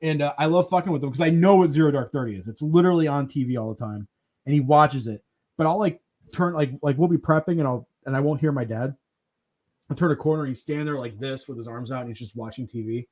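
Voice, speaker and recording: Animated man swapping stories on a podcast. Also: fairly high pitch, quick pace. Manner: animated storyteller who acts out quotes, laughs and swears often. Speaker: podcast host. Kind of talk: casual chat.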